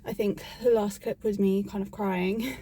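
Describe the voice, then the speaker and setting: A woman's voice: mid-range voice, steady tone, normal speed, mellow, slight background noise. A woman book vlogger talking in a casual, chatty and rambling way, with frequent "like", into a phone she holds. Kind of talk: casual vlog chat.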